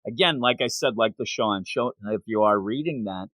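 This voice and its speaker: A man hosting a podcast recaps a manga chapter in casual chat, telling it animatedly and acting out the characters in silly voices. His voice is medium-pitched and a little fast, with no room sound.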